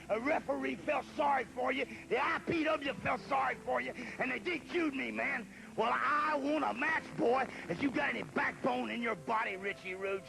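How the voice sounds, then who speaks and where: A man's voice: very high-pitched, vocal fry, rough recording. A man, a pro wrestler, cutting a taunting promo and calling his rival boy and man. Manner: trash-talking, taunting, calls people boy and man.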